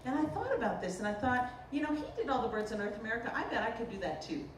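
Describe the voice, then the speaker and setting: A woman from the Boston area, a potter giving a humorous artist talk, telling stories in an animated, joking way. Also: fairly high pitch, rapid-fire. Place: lecture room at a festival. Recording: roomy, distant mic, faint noise.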